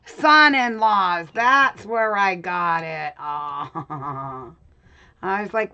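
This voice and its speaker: A woman's voice: lowish voice, expressive, slow, bright, forceful tone, clear, resonant tone, lo-fi sound. A middle-aged woman hosting a casual live chat from her home craft room, laughing often and talking to viewers by name. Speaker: craft channel host.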